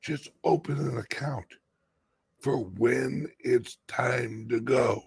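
A man hosting a crypto channel in an impassioned vlog rant. He talks urgently, drops to hushed whispers, rises to shouts, and swears freely for emphasis. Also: mid-range voice, slow, vocal fry, slightly rough, no room sound.

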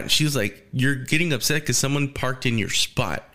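A man's voice: mid-range voice, normal speed, sharp tone. A young man telling a rambling, crude story in casual podcast chat, swearing and laughing often. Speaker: storyteller guest.

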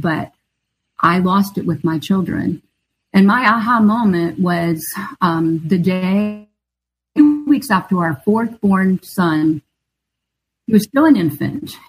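In a rough recording, a middle-aged woman with a fairly low, breathy-edged voice answers an interview question with a personal story. She is an author appearing as a guest, and her telling is earnest and confessional.

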